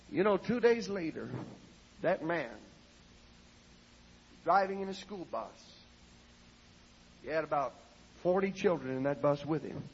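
A man's voice: fairly high pitch, animated, unhurried, long pauses, breathy edge. A man preaching a sermon in a church, telling stories in a dramatic, fervent way. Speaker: evangelist preacher. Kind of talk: sermon storytelling. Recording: lo-fi 1970s sermon tape in an echoey hall.

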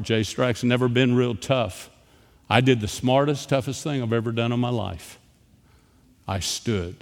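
Guy preaching, tells stories, goes soft then loud, voice echoes around a big hall. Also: medium pitch. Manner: storytelling, swings between quiet and emphatic. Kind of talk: sermon.

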